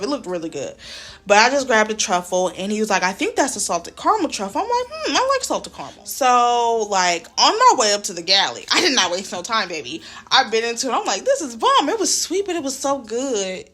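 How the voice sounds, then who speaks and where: A young woman, a flight attendant, chatting casually in an animated, slangy vlog while walking through a hotel room with a handheld phone. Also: mid-range voice. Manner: animated storytelling, slangy, says "y'all".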